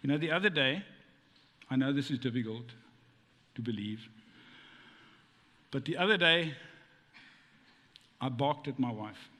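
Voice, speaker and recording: A man's voice: medium pitch, expressive, a little slow, pauses often, bright, forceful tone. A man preaching a conversational sermon, full of rhetorical questions and playful asides. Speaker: pastor. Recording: long hall reverb.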